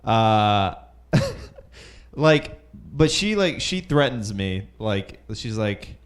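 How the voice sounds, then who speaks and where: A man's voice: on the low side, sing-song, very slow, pauses often. A young man doing nervous, rambling stand-up at an open mic in a comedy club, full of fillers and chuckles at his own jokes. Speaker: stand-up comic.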